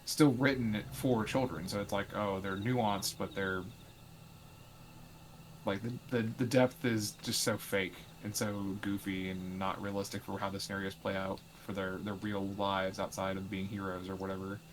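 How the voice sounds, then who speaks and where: A man's voice: low-pitched, little pitch movement, normal speed, slight background noise, poor audio. A young adult man chatting casually while playing a game, rambling and opinionated with lots of filler words. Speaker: co-host of a let's play stream. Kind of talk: casual chat while gaming.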